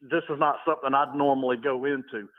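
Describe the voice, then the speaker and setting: A man's voice: medium pitch, fairly even intonation, fast, no room sound, narrow, tinny audio. A man chatting casually on a talk show, telling funny stories in a laid-back way and laughing at them. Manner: laid-back storyteller, chuckles often. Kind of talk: casual chat.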